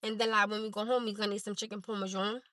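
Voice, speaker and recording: A woman's voice: mid-range voice, flat delivery, very fast, sharp tone, slight background noise, rough recording. A woman from Newark, New Jersey, with a Newark accent, hosting a livestream from her parked car and talking candidly and directly to her viewers on a phone. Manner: direct and candid, talks straight to the chat. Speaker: livestream host. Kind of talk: casual chat to viewers.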